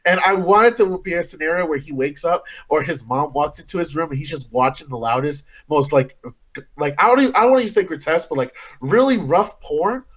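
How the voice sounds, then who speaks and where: A man hosting a casual late-night chat show, talking excitedly and swearing as he tells stories. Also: a little high, brisk. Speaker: podcast host.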